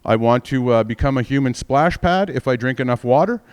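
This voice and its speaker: A man's voice: mid-range voice, animated, fairly quick, smooth. A man in his forties doing a stand-up comedy set, rambling and profane, constantly mocking himself. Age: 40s.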